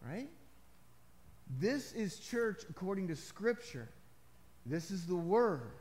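A man's voice: high-pitched, big pitch swings, slow, darkish tone. A male pastor preaching a sermon to his congregation in a conversational way, with emphatic rises and casual asides.

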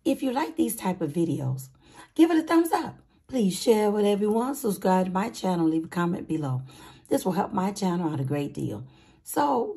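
A woman hosting a casual budgeting vlog, with a raspy voice and an upbeat, chatty manner, calling her viewers sweeties and honey. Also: mid-range voice. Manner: upbeat, excited. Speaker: budgeting channel host.

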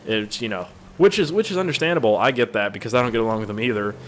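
A man's voice: medium pitch, rapid-fire, fairly bright tone, a little hiss or hum. A young man giving casual, profane commentary while playing a game. He rambles from topic to topic, sounds tired and is easily amused. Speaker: gaming video creator.

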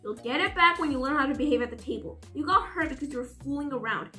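A woman's voice: sits high, expressive, fast talker, sharp tone, faint music behind. A woman reading aloud, voicing a strict, exasperated father who issues warnings at the dinner table. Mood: stern. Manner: stern, warning. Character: exasperated strict middle-aged dad.

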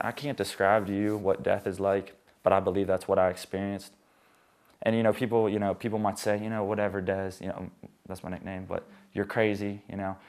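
A man's voice: on the low side, a little mellow. A young man telling his conversion testimony as a guest, rambling, with many restarts.

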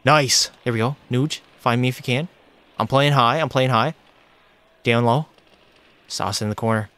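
Excitable young man streaming a hockey game. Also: mid-range voice, normal speed. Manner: excitable, talks to chat and teammates. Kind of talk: live gameplay commentary.

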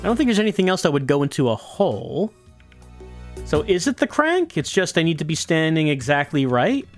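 A man's voice: a little high, lively intonation, fast, faint music behind. A man streaming a video game, thinking aloud and musing hesitantly as he plays. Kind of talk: casual let's-play commentary.

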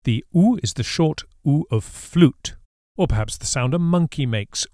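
His voice sits fairly high yet has a dark tone, expressive and measured in pace, as this man narrates a scripted Spanish lesson. He patiently explains and carefully gives clear model pronunciations of each example word, recorded cleanly in a studio without echo.

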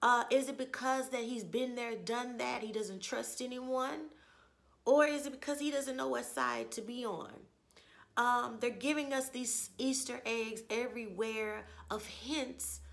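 A woman with a hoarse voice from losing it, hosting a chatty, opinionated TV episode review with rhetorical questions. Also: a little high, fairly even intonation, unhurried. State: hoarse, lost her voice. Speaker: TV review channel host. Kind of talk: casual spoken TV episode review.

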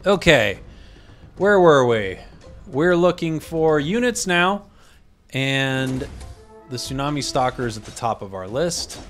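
A man's voice: mid-range voice, expressive, slow, fairly bright tone, soft background music. Chatty man talking over a game. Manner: chatty, self-interrupting, mutters to himself. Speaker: game commentator. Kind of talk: casual gameplay commentary.

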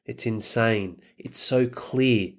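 A man's voice: medium pitch, slow, a bit bright. A man hosting a podcast, giving a blunt, profane motivational monologue full of rhetorical questions. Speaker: podcast host.

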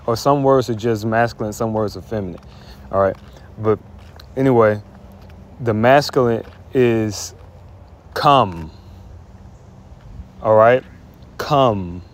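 A man giving an informal spoken grammar lesson, often restarting and repeating himself as he explains. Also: lowish voice. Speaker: Hebrew teacher.

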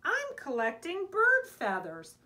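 A woman's voice: fairly high pitch, sing-song, slow. A woman reading aloud as a dreamy, eager little male mouse in a storybook.

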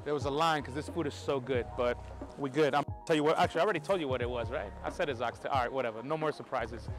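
A man from New York with a New York American accent, talking excitedly to camera in a casual vlog on a city street, swearing now and then. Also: medium pitch, fast talker, faint music behind. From New York, USA. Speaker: film photography vlogger.

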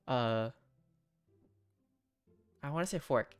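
Low-voiced, lively joking woman gamer. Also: soft background music. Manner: joking, self-mocking, quick asides. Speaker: gaming streamer. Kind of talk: casual let's-play commentary, reading game text aloud.

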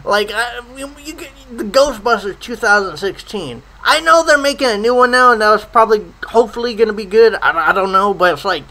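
A man's voice: sits high, fairly quick, few pauses, bright, forceful tone, low-quality recording. A man in a profane comedic rant, swearing constantly and stammering over his words. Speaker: comedy ranter.

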